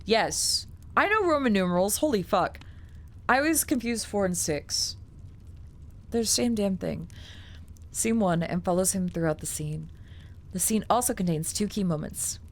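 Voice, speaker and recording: A woman with a fairly low voice reads a document aloud on a stream. She keeps breaking off into chatty, filler-heavy asides and swears casually. A faint hiss sits under the recording.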